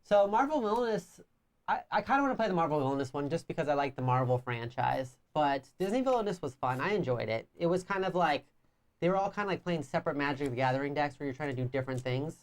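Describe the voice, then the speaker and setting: Low-voiced woman talking through her moves. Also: expressive, fast. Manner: teasing, thinks her moves through aloud. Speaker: board game player and co-host. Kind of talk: casual board game playthrough chat.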